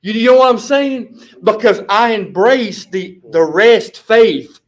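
High-voiced man telling a rambling story. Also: slow. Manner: animated, rambling storyteller, repeats "flipping" as a filler. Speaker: bible study group member. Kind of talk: casual testimony storytelling.

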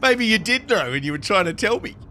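A man giving live gameplay commentary, excitable and talking to himself, often yelping and laughing. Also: high voice, fairly quick, slight background noise. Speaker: Minecraft streamer.

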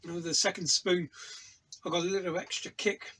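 A man's voice: sits high, level tone, fairly quick, bright, forceful tone, husky, low-quality recording. An English man reviewing hot sauce in a casual, enthusiastic, rambling way, tasting aloud in a home studio. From England. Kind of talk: casual product review vlog.

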